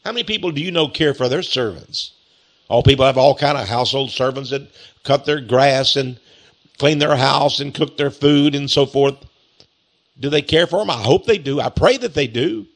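A man preaching a sermon-style Bible lesson, asking rhetorical questions, repeating words and reading scripture slowly. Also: medium pitch.

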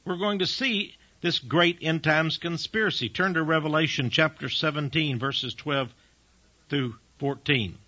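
A man's voice: fairly high pitch, unhurried, bright, forceful tone, no room sound. A man preaching a folksy radio sermon from his office desk, chuckling between his points. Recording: dull dry lo-fi radio recording.

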